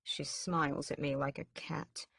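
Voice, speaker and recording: A woman narrating a dramatic first-person audiobook in a steady storytelling manner. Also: low-pitched, a little slow, creaky, slightly rough, no room sound, clean studio sound.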